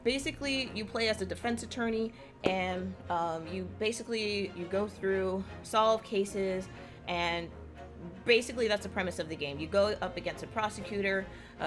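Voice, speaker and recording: A woman streaming a game to her live chat, gushing and excitable, rambling with many fillers and swearing when she gets hyped. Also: mid-range voice, moderate pace. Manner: rambling, with many likes and ums. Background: jazzy game music.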